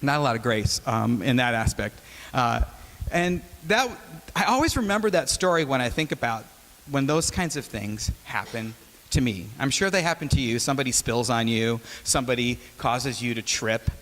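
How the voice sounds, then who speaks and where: Guest preacher, man in his forties, from Wisconsin, relaxed joking storyteller, mid-pitched voice, long hall reverb. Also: normal speed. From Wisconsin, USA. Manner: joking, conversational, animated storyteller. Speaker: guest speaker. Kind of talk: casual storytelling sermon. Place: chapel hall.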